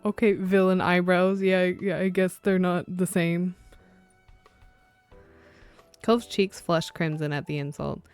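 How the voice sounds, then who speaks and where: A woman with a fairly low voice reads a visual novel aloud, mixing narration with lively, sarcastic side comments. Faint game music plays quietly underneath her. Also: slow pace, pauses often, clear, resonant tone, no room sound. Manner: animated, sarcastic asides between narration. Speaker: let's play streamer.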